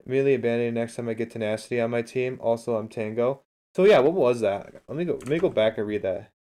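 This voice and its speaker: A man breaks down a game replay live on stream in an easy, chatty way. He keeps turning to his viewers, answering their messages and cheering them on as he explains what went wrong. His voice sits at an ordinary middle pitch for a man. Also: quick pace, mellow. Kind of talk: casual livestream replay analysis.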